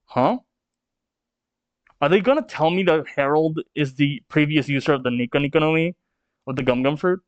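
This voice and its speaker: A man's voice: fairly high pitch, normal speed, pauses often, no room sound, lo-fi sound. A man hosting a manga read-along, commenting casually with many fillers and restarts. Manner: hesitant, filler-heavy. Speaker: manga reaction host.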